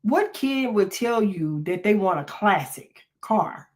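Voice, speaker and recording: An older woman, a therapist and podcast host, gives an unscripted motivational talk about mental health. Her medium-pitched, slightly mellow voice is expressive and slow. She speaks earnestly and a bit preachily, with many "um"s and restarts.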